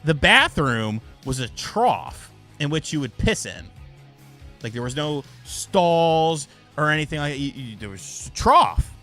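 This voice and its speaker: A man's voice: on the high side, very animated, measured pace, pushed and bright, faint music behind. A young man hosting a casual live stream, telling stories loosely and swearing freely.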